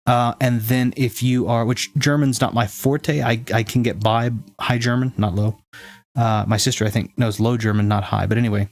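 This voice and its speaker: Chatting casually with viewers as he streams a game, a man with a mid-range voice and fairly neutral American accent speaks at normal speed with fairly even intonation. His talk rambles and he corrects himself as he goes.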